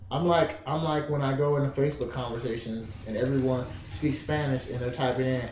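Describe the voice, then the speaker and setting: A man's voice: mid-range voice, steady tone, brisk, darkish tone, roomy sound, a little hiss or hum, poor audio. A man hosting a casual gaming stream, talking in a profane, rambling way and laughing with a friend.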